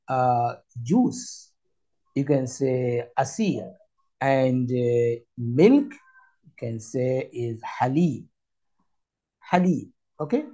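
A man teaching a spoken language lesson, with slow, repetitive, halting phrasing. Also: medium pitch, warm tone. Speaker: Arabic teacher. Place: Qatar.

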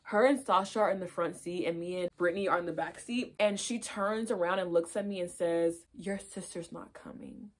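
A woman's voice: on the low side, fairly quick, few pauses. A woman vlogger chatting through a storytime while getting ready, swearing freely and acting out what people said. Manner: animated, swears a lot, acts out quotes. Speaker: beauty vlogger.

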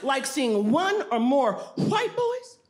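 A woman in her forties doing stand-up comedy in a sassy, animated way, often calling listeners honey. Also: high-pitched, slow pace. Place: stage before a live audience. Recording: loud live audience laughter.

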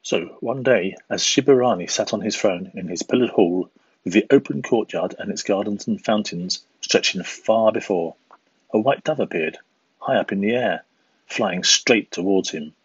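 A man reading a traditional fable aloud for a school assembly, in a measured, expressive way. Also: on the low side, husky, dry recording, lo-fi sound. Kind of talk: storybook reading.

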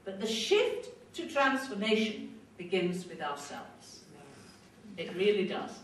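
A woman's voice: medium pitch, very animated, takes it slowly, a little hiss or hum. Woman, earnest lecture, acts out quoted voices, faint ambience, far from the mic. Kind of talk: storytelling lecture. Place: lecture hall. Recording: echoey hall, distant mic, faint ambience.

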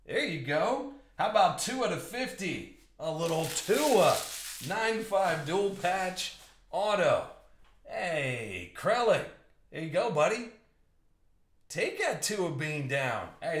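A man's voice: fairly high pitch, sing-song, takes it slowly, a bit bright. A man hosting a live trading card break, bantering and joking with chat viewers as he reads out the hits. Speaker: box break host. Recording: echoey room with faint noise.

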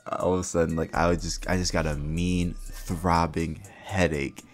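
A young man with a very low voice tells a casual storytime, rambling and full of slang. He acts out both sides of the dialogue in his own voice. Faint music plays behind him. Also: flat delivery, moderate pace. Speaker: storyteller vlogger.

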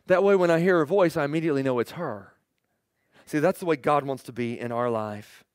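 Animated preaching man, dry close sound. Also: a little fast, no room sound. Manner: animated storytelling, voices quotes with sudden pitch jumps and drops to a near whisper. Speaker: pastor. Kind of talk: sermon.

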